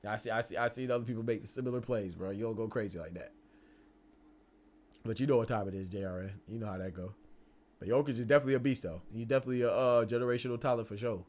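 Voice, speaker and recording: A man with a lowish, slightly mellow voice hosts a live boxing stream, chatting casually and asking viewers whether they follow him. He's chatty, leans on tag questions, and restarts quickly.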